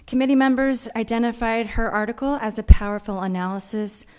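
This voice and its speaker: A woman's voice: fairly high pitch, dark tone, clear, resonant tone. A woman announcing essay award winners at a banquet, reading the committee's remarks. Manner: measured, formal reading. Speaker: award presenter. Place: banquet hall.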